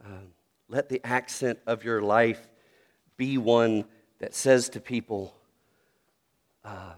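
A man's voice: medium pitch, fairly even intonation, takes it slowly, long pauses. A middle-aged man from North Carolina, a pastor preaching a sermon with storytelling and earnest questions.

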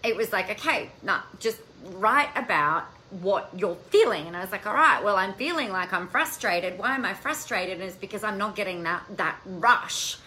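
A woman hosting a casual live stream, talking in an animated, chatty way and swearing now and then. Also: mid-range voice, moderate pace, few pauses, poor audio. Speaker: coaching podcast host.

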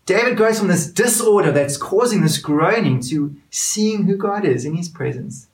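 A man preaching a sermon, with rising emphasis that drops to hushed, intimate moments. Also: high-pitched, expressive, moderate pace, few pauses. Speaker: pastor. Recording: roomy sound from a distance.

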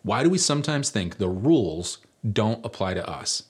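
A man preaching a sermon, telling a personal story in a relaxed, conversational way with many fillers. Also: on the low side, moderate pace, slightly rough. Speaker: pastor.

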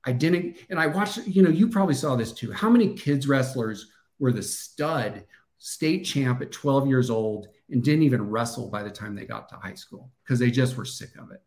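A middle-aged man with a Midwestern American accent and a gravelly, fry-laced voice at an ordinary pitch. He talks as a podcast guest in a reflective, halting way, starting over and circling back as he thinks. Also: expressive, a little mellow. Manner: thoughtful, halting with restarts and fillers. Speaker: podcast guest, former wrestler. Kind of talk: casual interview talk.

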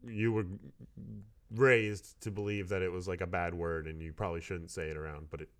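Low-voiced man in relaxed chat. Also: brisk. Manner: relaxed, questioning, laughs easily. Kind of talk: casual chat.

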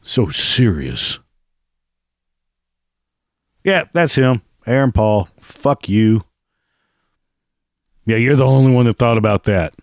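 A man's voice: medium pitch, a little slow, long pauses, darkish tone, dry recording, clean studio sound. A man giving casual, sarcastic and profane reaction commentary on a video he is watching.

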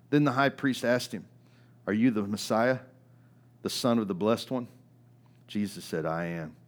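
A man preaching a sermon in a conversational way, often asking "right?", moving between loud, emphatic peaks and quiet, low stretches. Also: normal speed, long pauses. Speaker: pastor.

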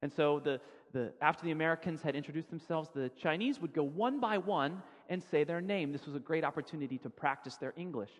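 A man preaching a sermon as a pastor, telling a story in a relaxed, conversational way and often repeating words as he goes. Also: a little high, fairly quick, hardly any pauses. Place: church sanctuary. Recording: long church-hall reverb.

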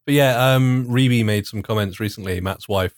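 A man in casual podcast chat, explaining in a measured way with many fillers. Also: lowish voice, no echo, clean studio sound. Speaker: podcast co-host.

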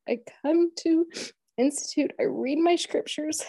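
Woman, 30s, earnest personal storyteller; mellow tone, dry close sound. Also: high-pitched, measured pace, no echo. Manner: earnest and heartfelt, quoting her own prayers. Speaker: guest sharing a personal story.

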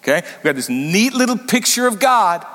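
A man preaching a sermon as senior pastor, animated and emphatic, sometimes rising suddenly loud. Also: sits high, normal speed, long reverb tail.

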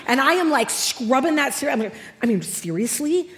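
A middle-aged woman preaching to a crowd with a bright, slightly high voice. She tells a humorous story with animated, self-mocking energy. The sound carries a long reverb from a large hall. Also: quick pace. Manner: animated, self-mocking, acts out family dialogue. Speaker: speaker. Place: large hall with a live audience.

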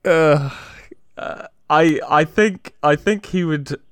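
A man's voice: on the high side, slow pace, smooth, no echo. A man co-hosting a casual chat, talking hesitantly with restarts but emphatic about his views. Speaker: podcast co-host.

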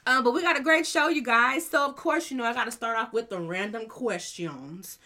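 Bright-voiced woman podcast host. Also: fairly high pitch, moderate pace. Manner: lively, chatty, calls listeners honey and y'all. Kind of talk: casual podcast chat. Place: home studio.

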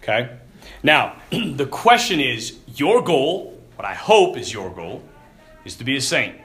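A man preaching a conversational Catholic sermon, telling a story and often clearing his throat. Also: medium pitch, big pitch swings, measured pace, a bit bright, faint music behind.

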